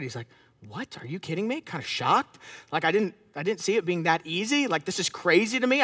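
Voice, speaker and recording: A man's voice: sits high, no echo, clean studio sound. A man preaching a conversational sermon, telling stories and asking the congregation questions. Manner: conversational, animated storytelling with audience interaction. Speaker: pastor. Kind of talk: sermon with storytelling. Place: church service.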